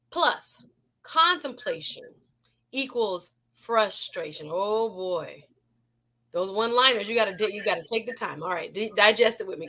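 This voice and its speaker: Bright, exuberant woman show host. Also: a little high. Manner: exuberant, preachy, laughs often, talks to the chat. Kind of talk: live-stream chat reading viewer comments.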